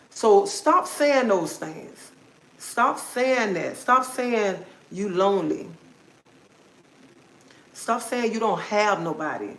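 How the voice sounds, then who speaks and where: A woman's voice: medium pitch, reverberant, slight background noise, rough recording. A woman hosting a livestream, giving a repetitive, preachy, encouraging motivational talk. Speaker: livestream host.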